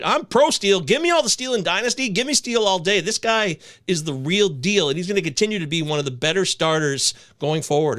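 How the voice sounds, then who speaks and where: A man in his forties co-hosting a podcast, talking in a jokey, animated way with quick asides. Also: sits high. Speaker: podcast co-host. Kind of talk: casual fantasy baseball chat.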